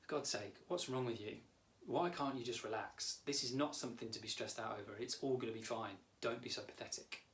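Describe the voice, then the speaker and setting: A man's voice: medium pitch, fairly quick, hardly any pauses, a bit bright, a little hiss or hum, close to an everyday voice. A man voicing his logical inner self as a weary male professor who scolds in an exasperated, dismissive way.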